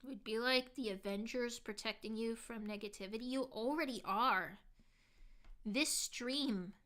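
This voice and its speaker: Bright-voiced woman streamer chatting with viewers. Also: on the high side, unhurried. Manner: reads viewer comments aloud and answers them, heavy use of "like"; earnest, heartfelt. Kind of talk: casual live-stream chat.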